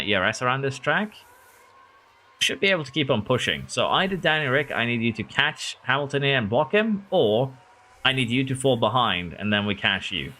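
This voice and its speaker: Male streamer, excitable live commentary, bright tone. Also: mid-range voice. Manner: excitable, talks to drivers and chat. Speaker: gaming streamer.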